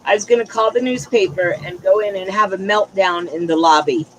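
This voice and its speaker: A man's voice: high voice, a little fast, a little hiss or hum, poor audio. A man chatting casually on a livestream, telling frank, exasperated stories. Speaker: livestream chat participant. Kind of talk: casual group chat.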